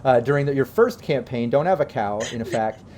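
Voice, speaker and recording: A man narrating a tabletop game as game master, in a relaxed and rambling way. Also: mid-range voice, brisk, crowd noise.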